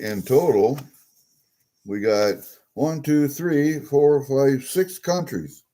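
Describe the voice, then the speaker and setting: A man with a mellow, mid-range voice speaks at a slow pace while unboxing coins for his collecting vlog. Casual and chatty, he's easily delighted by each piece from the package he just opened and mutters to himself.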